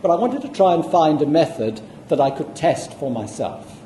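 A man giving a public lecture, explaining at a measured pace with asides to the audience. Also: fairly high pitch, big pitch swings, mellow, a little hiss or hum. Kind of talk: public lecture with audio playback. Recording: echoey room, faint ambience.

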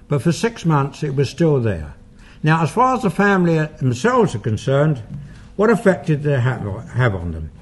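Older man, investigator giving a lecture; husky, slightly higher-pitched voice, rambling and anecdotal. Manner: anecdotal, conversational, with fillers and asides. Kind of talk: public talk with audience questions.

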